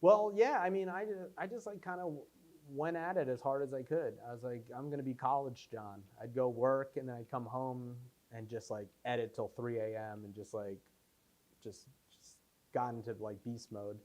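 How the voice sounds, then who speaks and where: A young man with a mid-range voice and a moderate pace tells stories while taking audience questions at a casual Q&A following a screening. He is the filmmaker, and he rambles animatedly, often restarting and using lots of fillers.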